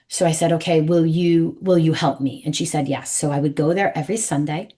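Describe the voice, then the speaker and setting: A woman in her forties with a New York accent, a numerologist guest telling her story in a podcast interview, emphatic and animated, acting out the voices she quotes. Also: low-pitched, a little fast, hardly any pauses. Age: 40s.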